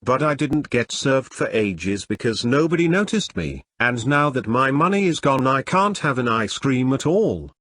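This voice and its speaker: A man's voice: medium pitch, big pitch swings, moderate pace, few pauses, fairly bright tone, no room sound, clean studio sound. A man reading as an overlooked little girl. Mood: tearful.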